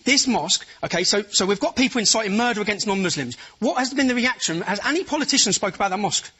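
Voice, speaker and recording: A man from England argues in a televised studio debate, rapid and relentless, pressing again and again to be heard. His voice sits high and sounds bright with a husky edge. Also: expressive. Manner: insistent, keeps interrupting to finish his point. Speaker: studio guest. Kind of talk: heated TV debate.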